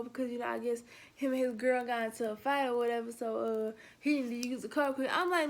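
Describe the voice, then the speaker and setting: A young woman with a high, bright-pitched voice tells a story in a relaxed vlog. She is lively and chatty, and she slips in slangy bits of dialogue as she goes. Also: a little fast. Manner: animated retelling that acts out quoted dialogue, with casual slang. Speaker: vlogger.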